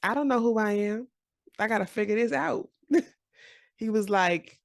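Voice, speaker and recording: A woman in her forties giving a casual, encouraging motivational talk to camera, animated and often laughing. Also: a little high, normal speed, gravelly, pauses often, no echo, studio quality. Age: 40s. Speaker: journaling vlogger.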